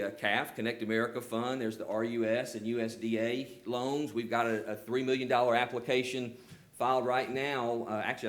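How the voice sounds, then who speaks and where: An older man with a rural Southern accent, presenting his company at a public hearing and taking questions, earnest, with lots of "you know" fillers. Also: medium pitch. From Georgia, US. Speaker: telecom company representative presenting.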